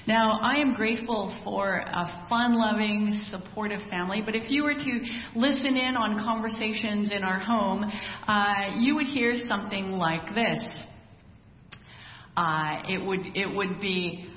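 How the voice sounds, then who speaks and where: Unhurried woman preaching in an echoey hall. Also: medium pitch, steady tone, a bit bright, a little hiss or hum. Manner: conversational, prays then preaches with rhetorical questions. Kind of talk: sermon. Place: church hall. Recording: echoey hall, dull sound.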